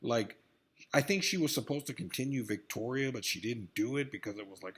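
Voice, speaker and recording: A man's voice: mid-range voice, fairly quick, fairly bright tone, husky. A man in a rambling, profane vlog rant about celebrity news, swinging between grumbling and outbursts. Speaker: vlogger.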